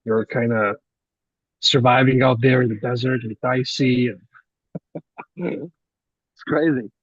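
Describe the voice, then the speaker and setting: A man talking as a guest in a casual podcast conversation, relaxed and musing, quick to laugh. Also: mid-range voice, no room sound, lo-fi sound.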